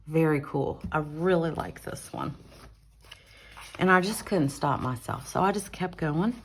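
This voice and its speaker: A woman hosting an adult coloring channel, chatting casually through her finished pages, relaxed, with fillers and self-corrections, recorded on a phone at home. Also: sits low, unhurried, a little hiss or hum. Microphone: phone on an arm mount.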